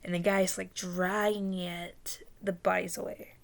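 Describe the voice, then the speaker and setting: A young woman casually recounting a dream in a rambling, halting way, full of fillers and restarts, often dropping into whispers. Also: on the low side, little pitch movement, creaky. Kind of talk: casual storytelling.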